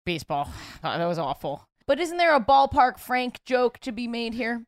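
A woman hosting a podcast, curious and playful, with loose and casual phrasing. Her voice is smooth and clear and sits a little high. The recording is close and dry. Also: animated, normal speed, dry recording. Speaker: podcast host.

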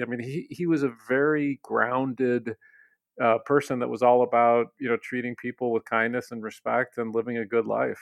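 Ceo guy telling a story in an interview, kinda gravelly, lots of ums, dry sound. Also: medium pitch, flat delivery, moderate pace, no echo. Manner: reflective, warm storytelling with fillers. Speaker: company CEO, interview guest.

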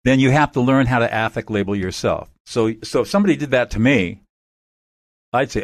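Measured man explaining, dry sound. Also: mid-range voice, expressive, no echo. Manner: measured and instructive. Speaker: expert guest. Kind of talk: interview answers, explaining methods.

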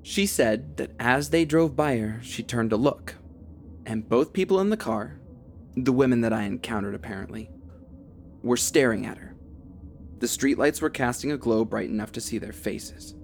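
A young man narrating a first-person horror story, steady and tense, with a gravelly, fry-laden voice. Faint music drifts under the narration. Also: medium pitch, normal speed. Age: young adult.

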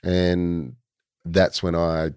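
A man's voice: low voice, level tone, drawn-out words, darkish tone, clean tone, no room sound. An Australian man in his forties, a guest telling stories in a laid-back, rambling way with plenty of fillers. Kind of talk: casual storytelling.

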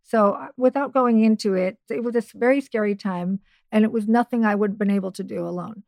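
Talking a little fast in a medium-pitched, darkish voice, a middle-aged podcast guest shares a personal story casually, wandering into asides and starting sentences over. There's no echo on the recording.

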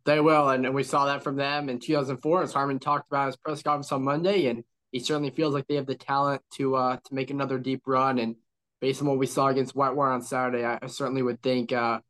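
A man co-hosting a college football podcast, talking in a measured, analytical way with lots of "you know" and "right?". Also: mid-range voice, flat delivery, a bit bright. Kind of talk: casual sports analysis chat.

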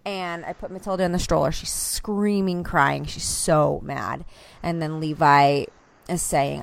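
A woman co-hosting a casual podcast, telling a story with animated, acted-out voices and casual swearing. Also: deep voice, unhurried, vocal fry. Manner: swears freely. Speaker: podcast co-host. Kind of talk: casual chat among friends, storytelling.

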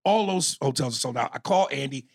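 A man from New York telling a long, profane story on a podcast, animated and acting out quotes. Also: medium pitch, fairly quick, creaky, no echo. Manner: animated, swears freely, acts out quotes. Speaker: podcast co-host.

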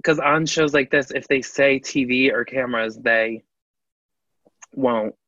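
A man with a bright, forceful voice co-hosts a chatty podcast, animated and quick to laugh as he acts out the lines of people he talks about. The sound is dry and a little dull, like lo-fi audio. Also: medium pitch, no room sound. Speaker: podcast co-host. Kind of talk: casual chat.

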